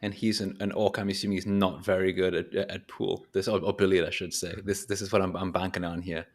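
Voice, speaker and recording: A man's voice: deep voice, level tone, fast. A man playing a tabletop role-playing game, talking casually and hesitantly with lots of "like" and "you know". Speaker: player. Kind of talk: casual play chat.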